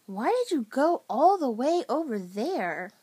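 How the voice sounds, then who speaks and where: A woman's voice: high voice, sing-song, unhurried, mellow, breathy edge, heavily acted. A woman doing a curious young schoolgirl.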